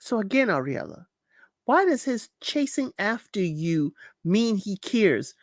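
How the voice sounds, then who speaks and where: A woman's voice: mid-range voice, sing-song, unhurried, dry recording, studio quality. A woman host giving a casual, colloquial recap of a reality show, scolding the people on it directly. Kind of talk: casual commentary.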